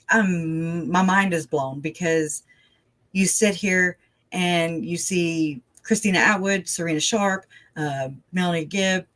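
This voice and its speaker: A livestream host in casual talk, rambling and animated, with frequent laughs and many fillers, and getting loud when worked up. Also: medium pitch, poor audio. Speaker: true crime livestream host.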